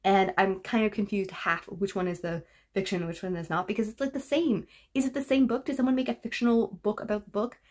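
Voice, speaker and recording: A woman's voice: mid-range voice, fairly even intonation, a little fast, hardly any pauses, a little mellow. Chatty, wry woman book vlogger. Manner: chatty, rambling and wry, lists book titles. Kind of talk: casual chat to camera.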